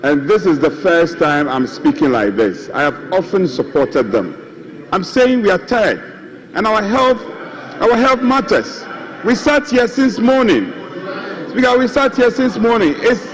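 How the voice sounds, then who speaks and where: A man's voice: high voice, sing-song, unhurried. A man, a minority chief whip, pleading insistently and repetitively in parliament. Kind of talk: impassioned parliamentary plea. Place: large parliament chamber. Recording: noisy chamber with members murmuring.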